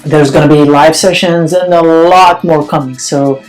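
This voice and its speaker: A young man from Paris with a Parisian French accent, giving a relaxed, chatty French lesson to camera. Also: on the high side, moderate pace, faint music behind, rough recording. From France. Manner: relaxed and chatty, with many fillers. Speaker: French teacher. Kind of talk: casual language lesson to camera.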